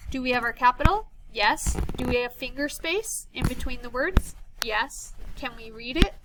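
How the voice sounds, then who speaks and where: A woman teacher giving a slow, patient early reading lesson to young children, sounding out words and counting down. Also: high-pitched, expressive, noisy background.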